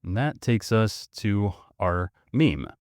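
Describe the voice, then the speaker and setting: Sardonic low-voiced male podcast host. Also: expressive, a little mellow, no echo, studio quality. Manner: sardonic, mocking, quick asides. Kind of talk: casual podcast commentary, reading a story aloud.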